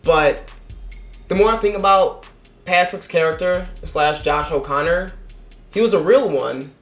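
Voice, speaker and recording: A man's voice: high-pitched, a little slow, fairly bright tone, roomy sound, soft background music. A man giving a casual, rambling film review, swearing freely and acting out the characters' lines in mock voices. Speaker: movie reviewer.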